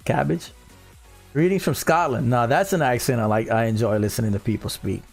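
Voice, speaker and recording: A man in his thirties from South Louisiana, with a Cajun accent, hosts a laid-back livestream from home, speaking in a mid-range voice with lively intonation and a quick pace. Using a boom-mounted studio mic over soft background music, he chats easily, reads viewer comments aloud, and drawls "y'all."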